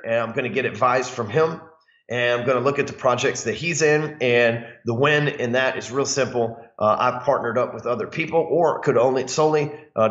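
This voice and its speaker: A man, a sales coach, talking casually to camera about his goals. He is blunt and profane, calls himself hot-headed, and acts out callers with sudden loud jumps in pitch. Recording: echoey room, dull lo-fi sound.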